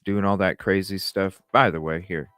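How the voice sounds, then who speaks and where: A man's voice: low-pitched, fairly even intonation, normal speed, a bit bright, no echo, soft background music. A man hosting a casual livestream, rambling with fillers and restarts and greeting chat viewers. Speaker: livestream host.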